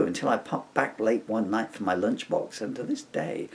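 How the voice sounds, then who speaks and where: A middle-aged man reading his own comic story aloud with wry, deadpan humour. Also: lowish voice, moderate pace, gravelly, hardly any pauses, slight background noise. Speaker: author reading his book.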